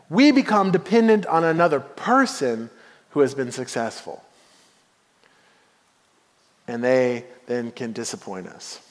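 This pastor's voice sits fairly high, carrying through a large hall. He's preaching, spinning a playful, lively story and performing the lines of the people in it.

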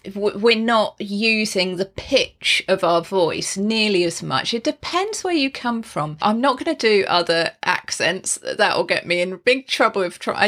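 A woman voice teacher talks at an unhurried, slow pace in a mid-pitched voice. She explains tips casually, swooping her voice up and down to demonstrate, with chatty asides and laughs. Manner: expressive, demonstrates pitch and volume changes while explaining. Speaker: singing teacher giving video tips. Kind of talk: casual spoken tutorial.

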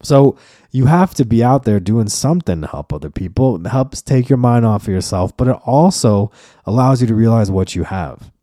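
A man's voice: medium pitch, lively intonation, moderate pace, dark tone, no echo, clean studio sound. A man hosting a podcast, ranting in a casual solo monologue, emphatic and full of profanity. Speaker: podcast host and comedian.

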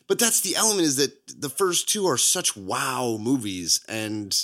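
A man co-hosting a podcast, chatting casually about movies, laughing often and jumping high in pitch for emphasis. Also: measured pace, fairly bright tone. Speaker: podcast co-host.

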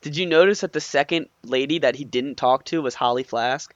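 Guy co-hosting a movie chat, laughs a lot while retelling scenes, middle pitch, dry close sound. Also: brisk, a bit bright, dry recording, lo-fi sound. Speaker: podcast co-host.

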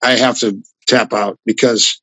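An older man with a gravelly voice, a grappling coach telling rambling, animated stories in an interview. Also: medium pitch, unhurried, slight background noise, low-quality recording. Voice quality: gravelly voice from a flattened throat. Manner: rambling, animated anecdotes with restarts. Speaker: guest, grappling fighter and coach. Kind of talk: casual storytelling in an interview.

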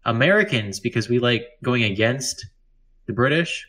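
A man's voice: mid-range voice, expressive, normal speed, fairly bright tone. A man co-hosting a casual podcast, reading news aloud and joking, tripping over foreign words. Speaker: podcast co-host. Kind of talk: casual chat.

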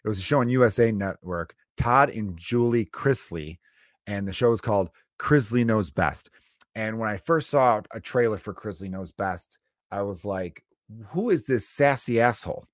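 A man's voice: on the low side, normal speed, dry recording, studio quality. A man in his thirties hosting a comedy podcast, riffing in a profane, joking monologue. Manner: profane, riffing, mock impressions.

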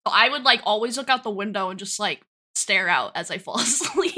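A young woman co-hosting a podcast, telling a childhood story in a relaxed, low-key way with frequent laughs. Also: fairly quick. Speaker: podcast co-host. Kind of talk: casual chat, storytelling.

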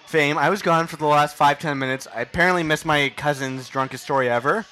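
A man's voice: on the high side, brisk, bright, forceful tone. A man hosting a podcast, chatting casually and teasing his guests. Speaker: podcast host. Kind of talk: casual chat.

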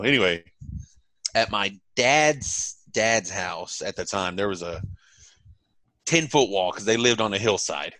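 A man from Texas, telling a childhood story in a relaxed, low-key way. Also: unhurried, long pauses, no echo, poor audio. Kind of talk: casual storytelling.

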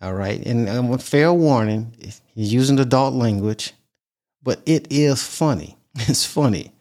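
A man's voice: medium pitch, a little slow, darkish tone. A man hosting a vlog, talking earnestly and casually and repeating points for emphasis. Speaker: vlog host. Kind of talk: casual talk to camera.

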